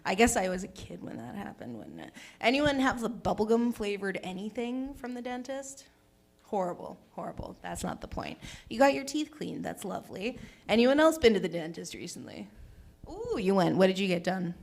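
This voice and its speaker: A woman's voice: mid-range voice, big pitch swings, moderate pace, creaky. A woman doing a stand-up comedy set on a small stage, bubbly and chatty as she talks with the audience. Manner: bubbly, chatty, works the crowd. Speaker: stand-up comic.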